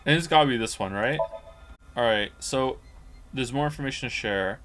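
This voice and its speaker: A man's voice: mid-range voice, normal speed, noisy background. A man streaming a video game, giving casual, wry, reactive commentary.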